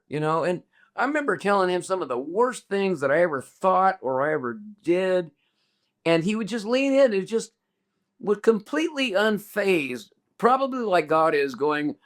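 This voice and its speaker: This older man, a guest musician, has a fairly high and somewhat bright voice. Chatting casually, he rambles through his stories, interrupting himself and restarting sentences.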